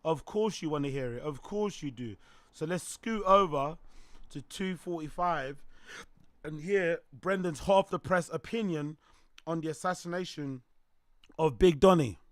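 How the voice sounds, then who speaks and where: A man hosts a casual reaction stream, excitable and rambling, often breaking into laughter. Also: a little high, measured pace, dry recording. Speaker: streamer host.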